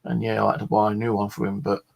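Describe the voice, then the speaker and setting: A man's voice: lowish voice, little pitch movement, quick pace, creaky. A man chatting casually in a vlog, a rambling storyteller full of fillers and the odd swear word. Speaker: vlogger.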